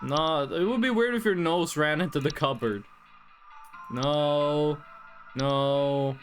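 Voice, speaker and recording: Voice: medium pitch, slow pace, soft background music. A streamer casually talking through a game at home, thinking aloud and chatting with the audience.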